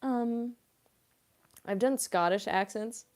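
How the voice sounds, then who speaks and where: A woman's voice: fairly low pitch, measured pace, vocal fry, darkish tone. A young adult woman, a voice actress, chatting casually on a live-stream Q&A, giggly and full of "like" fillers.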